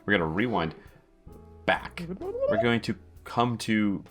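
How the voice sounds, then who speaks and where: A man narrating as game master in a tabletop role-playing game, explaining the rules at length in a friendly, relaxed way. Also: on the low side, slow, over loud music.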